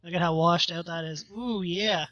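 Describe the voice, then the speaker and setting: A young man makes wry, offhand remarks in a casual podcast chat. His voice comes across very sharp and tense, but the mic muffles it into a dull, lo-fi sound. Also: on the high side, fairly even intonation, moderate pace, dry recording, soft background music. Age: young adult.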